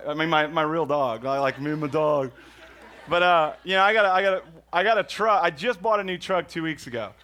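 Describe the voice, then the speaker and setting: A man's voice: on the high side, fairly bright tone. A man from Houston, doing rambling, self-mocking stand-up storytelling. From Houston, Texas. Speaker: stand-up comedian.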